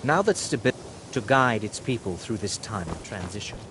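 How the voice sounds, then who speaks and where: A condescending official from a fantasy game, formal and curt, his pitch swinging up and down widely. Noise runs clearly behind the game audio. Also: big pitch swings, moderate pace. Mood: dismissive. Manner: formal, dismissive. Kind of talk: video game voice acting.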